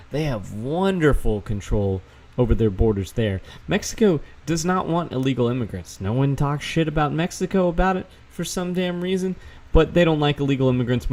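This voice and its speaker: A man's voice: medium pitch, darkish tone. A man doing casual, sarcastic commentary, reading news articles aloud and adding profane asides. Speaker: vlogger fact-checking news. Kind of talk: casual screen-share commentary.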